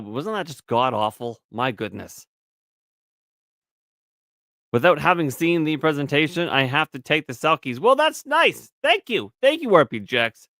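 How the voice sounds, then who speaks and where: A man's voice: fairly high pitch, pushed and bright, dry recording, studio quality. A man co-hosting a podcast in casual banter, crude and teasing, often slipping into mocking voices. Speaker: podcast co-host.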